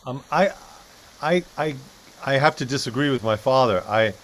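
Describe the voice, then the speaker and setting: A male comedian guest talking from an outdoor porch in heavy rain, deadpan and fussy in his mock complaints. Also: mid-range voice, moderate pace, low-quality recording. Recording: rain static noise outdoors.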